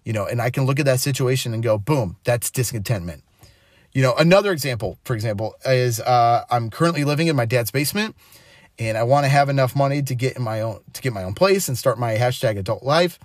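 A man's voice: mid-range voice, expressive, fast talker, dry recording, clean studio sound. A man in his twenties hosting a podcast, telling a story and giving a devotional talk in a chatty way, laughing often. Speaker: podcast host.

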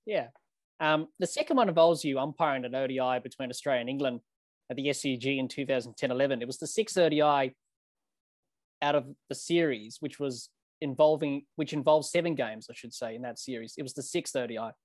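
A man's voice: medium pitch, fairly quick, darkish tone, no echo. A man hosting a podcast interview, recorded dry and close. He reads long setups to his guest. He often turns to him by name. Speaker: podcast host.

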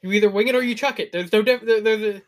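A young man with a slightly higher voice, chatting on a podcast. He is laid-back and quick to laugh, with casual swearing mixed into easy banter. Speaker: podcast co-host. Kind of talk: casual chat.

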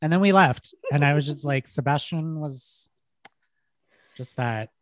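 A man's voice: on the high side, measured pace, dry recording. A young man, a podcast co-host, telling a rambling party story in casual chat, swearing and laughing.

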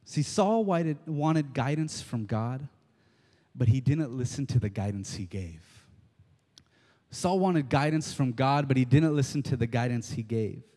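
A man preaching a sermon, telling stories in an animated way, acting out quotes and repeating key lines. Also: mid-range voice, measured pace. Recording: long hall reverb.

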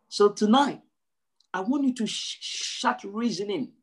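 Emphatic preaching man, slightly high voice. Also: sing-song, unhurried, slightly rough. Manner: emphatic, repeats phrases, swings from low to high and loud. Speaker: pastor. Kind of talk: sermon. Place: church service.

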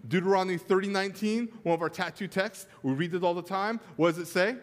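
A man preaching a sermon as pastor, telling a funny home story, then turning soft and earnest. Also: high-pitched, a little fast, big-room sound. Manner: storytelling with humor, swings from animated to soft and earnest. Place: church sanctuary.

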